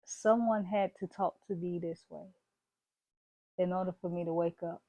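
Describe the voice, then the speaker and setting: A woman's voice: fairly low pitch, fairly even intonation, normal speed, dark tone, no room sound. A woman vlogging straight to her viewers in a bold, preachy, emphatic manner, dropping "y'all" and "baby" along the way. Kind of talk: casual motivational talk to camera.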